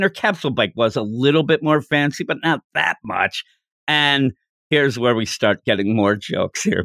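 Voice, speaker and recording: Animated man on a chatty podcast. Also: no room sound, studio quality. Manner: animated, jumps into high-pitched quoted voices; rambling, with restarts. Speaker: podcast co-host. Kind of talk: casual podcast discussion.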